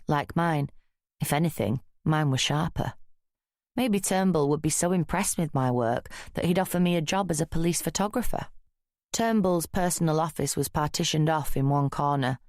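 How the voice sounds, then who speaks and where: Woman, audiobook narrator, low pitch, wry, measured, dry recording. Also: darkish tone, dry recording.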